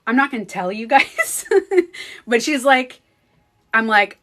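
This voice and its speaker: A woman's voice: a little high, slow pace, long pauses, fairly bright tone. Chatty French Canadian woman vlogger. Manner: chatty, laughs often, talks to viewers. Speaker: beauty coach vlogger. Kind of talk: casual vlog storytelling.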